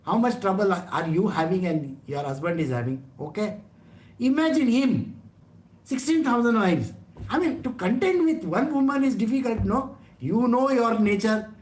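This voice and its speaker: A man's voice: sits high, lively intonation, moderate pace, darkish tone. A man with an Indian English accent giving a conversational scripture talk, teasing and often asking his listeners questions. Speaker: spiritual teacher. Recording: roomy echo.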